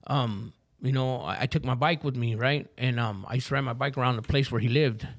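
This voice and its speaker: A man's voice: medium pitch, fairly quick. A man telling his recovery story as a podcast guest, in rambling street slang full of swearing. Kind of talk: personal recovery story in casual talk.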